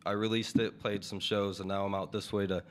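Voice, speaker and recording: A man's voice: on the low side, level tone, brisk. A young man, a musician guest, chatting in a laid-back, slangy way and laughing easily. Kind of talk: casual interview chat.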